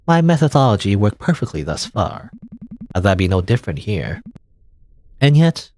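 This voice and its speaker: A man's voice: on the low side, very animated, moderate pace, a little mellow, a little hiss or hum, pitched below the performer's own voice. A man voicing a hungry, scheming mermaid woman in a game, cold and sinister. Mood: menacing.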